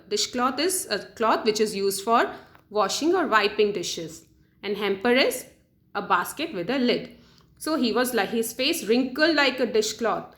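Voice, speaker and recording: A woman teacher retells a story for young students. She pauses to define words slowly and asks the class questions. Her voice sits a little high, and the room has a noticeable echo. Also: fairly bright tone. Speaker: English teacher. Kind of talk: storytelling lesson with word explanations.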